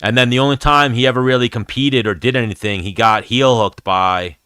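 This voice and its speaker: A man's voice: mid-range voice, fairly quick, bright, forceful tone, clear, resonant tone, dry recording, clean studio sound. A man hosting a casual fight-talk livestream, rambling and swearing freely as he chats with viewers. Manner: rambling, profane, chatty. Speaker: host of an MMA livestream.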